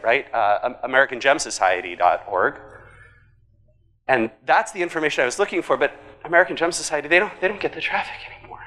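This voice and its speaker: A man giving a conference keynote, talking in an animated, conversational way and tossing in jokey asides. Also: medium pitch, in a large hall. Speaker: conference speaker. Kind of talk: keynote presentation. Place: large conference hall.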